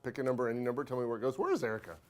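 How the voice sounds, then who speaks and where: A man lecturing an accounting class in a classroom, his pitch swinging up and down as he teases students. He talks fast and hyper, and his throat is dry from talking. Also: expressive. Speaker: accounting instructor.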